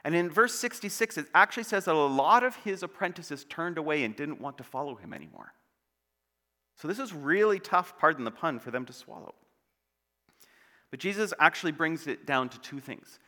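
A man's voice: on the high side, lively intonation, moderate pace, pushed and bright. A male pastor preaching a sermon in a church, playful and joking as he tells stories. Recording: long church hall reverb.

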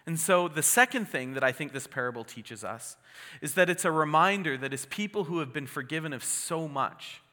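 A man's voice: fairly high pitch, lively intonation, moderate pace, bright, forceful tone, long reverb tail. A man preaching a sermon as a pastor, conversational and earnest, with restarts and asides.

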